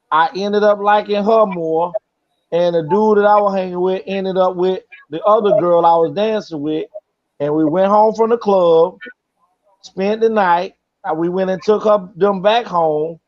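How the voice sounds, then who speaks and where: A man hosting a casual chat, telling a long story and acting out the voices of the people in it. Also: high voice. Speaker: host. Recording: slightly dull lo-fi sound.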